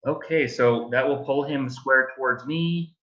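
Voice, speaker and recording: A gleeful male player talks through his moves in a bright, forceful voice. His mic sounds dull and lo-fi. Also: medium pitch. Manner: gleeful, quick-spoken. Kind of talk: casual tabletop game play.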